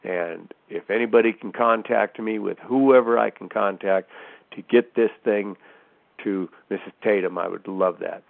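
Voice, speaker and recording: A man calling in over a tinny phone line, his voice low and gravelly. He speaks earnestly, as if making a heartfelt request. The sound is dry and thin. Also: steady tone, measured pace, no room sound. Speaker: caller. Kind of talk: phone-in call.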